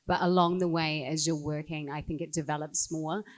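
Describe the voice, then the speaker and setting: A woman with a low voice talking over her acting on a convention panel. She sounds thoughtful and hedges her words. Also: steady tone, normal speed. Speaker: panel guest actor. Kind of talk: casual panel chat.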